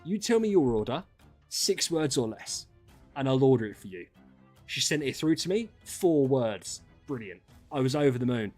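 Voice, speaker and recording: Animated British streamer ranting. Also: male voice, medium pitch, normal speed, soft background music. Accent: British English. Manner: animated, swearing, exasperated. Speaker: gaming streamer. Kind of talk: casual storytelling rant.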